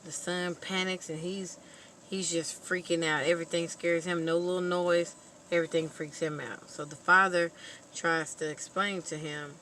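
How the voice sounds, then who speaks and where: Bright, animated woman recapping a movie. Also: sits low, a little slow, slight background noise, poor audio. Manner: animated, expressive storytelling. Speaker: vlogger reviewing a movie.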